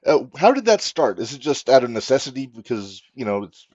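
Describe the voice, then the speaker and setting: A man's voice: medium pitch, big pitch swings, fairly quick, a little mellow, dry recording. A man co-hosting a podcast, asking a guest questions in a hesitant way with many fillers. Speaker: podcast co-host. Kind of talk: casual podcast interview. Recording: dull lo-fi podcast audio.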